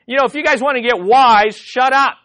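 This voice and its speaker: A man preaching an expository sermon in a conversational, animated way, with vivid sound effects. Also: very high-pitched, fairly quick, dry recording. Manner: conversational, with frequent fillers. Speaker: pastor.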